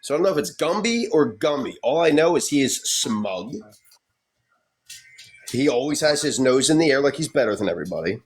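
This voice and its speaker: A man's voice: mid-range voice, very animated, brisk. A man chatting casually on a live stream, crude and sardonic, swearing often. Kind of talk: casual chat. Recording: faint background noise.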